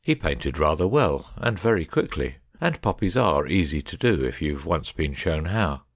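A man reading a children's story aloud in measured narration. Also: very deep voice, sing-song, breathy edge, no echo, studio quality. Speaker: audiobook narrator. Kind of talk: scripted narration.

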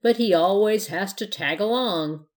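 A woman's voice: medium pitch, measured pace, close to an everyday voice. A woman voicing a bossy older girl in a witch costume in a storybook reading. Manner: bossy, exasperated.

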